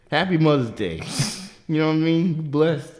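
A man co-hosting a podcast, telling a profane, animated story and leaping into high squeaky voices when he quotes people. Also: normal speed. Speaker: podcast co-host. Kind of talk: casual storytelling chat.

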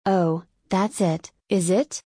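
A woman voicing a young male army officer who speaks slowly, kindly and soothingly to his cousin. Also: medium pitch, steady tone, darkish tone, no echo, clean studio sound, close to an everyday voice. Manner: slow, soothing and kind.

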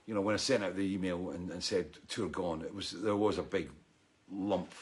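A man's voice: low-pitched, steady tone, moderate pace. A man hosting a casual livestream chat, rambling and swearing, with many "you know"s. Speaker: show host.

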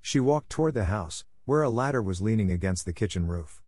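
A man narrating a classic novel as an audiobook, in a steady, even storytelling manner. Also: fairly low pitch, fairly quick, dry recording, clean studio sound. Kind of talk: scripted narration.

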